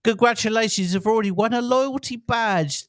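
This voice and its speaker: A middle-aged Englishman with a high-sitting voice co-hosts a podcast, keeping the chat casual, playful and jokey, and now and then breaking into song. He talks at a normal speed, and the studio sound is clean with no echo.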